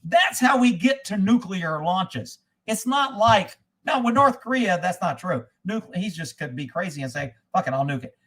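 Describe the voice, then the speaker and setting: A man's voice: high-pitched, very animated, unhurried, hardly any pauses, fairly bright tone. A man hosting a casual commentary stream, reading viewer comments and answering them in a blunt, profane, opinionated way.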